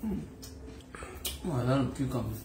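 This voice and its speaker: A woman tasting food on her son's family cooking livestream, talking in a soft, murmuring way. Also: rumbling low, lively intonation, normal speed, roomy sound, slight background noise. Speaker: host's mother tasting the food.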